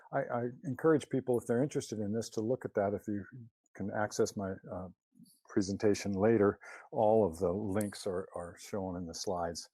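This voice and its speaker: A man's voice: mid-range voice, warm tone, no echo. A man presenting a talk over his slides, hesitant with many fillers and restarts, questioning and critical of what he quotes.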